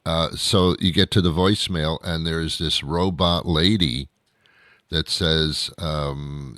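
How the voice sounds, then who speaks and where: A man's voice: rumbling low, fairly even intonation, slow, fairly bright tone, no room sound, clean studio sound. A man hosting his talk show in a casual rambling monologue, sardonic and grumbling, with many fillers and restarts.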